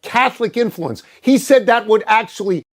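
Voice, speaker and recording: An older man with a fairly high voice argues sports bluntly and emphatically on a talk show. He hammers home his opinions and is quick to poke fun at himself. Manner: emphatic, blunt and self-mocking. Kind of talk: sports debate.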